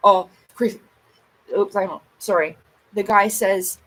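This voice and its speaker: A woman's voice: mid-range voice, normal speed, slightly rough, rough recording. A woman venting to her viewers in a casual vlog, agitated and swearing as she acts out her own side of arguments. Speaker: vlogger. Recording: faint background noise.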